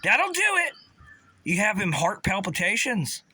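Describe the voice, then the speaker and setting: A man's voice: sits high, very animated, unhurried, bright, forceful tone, husky, no room sound. A man from the Pittsburgh area, delivering an agitated, sarcastic, profane rant and stumbling over his restarts. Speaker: vlogger.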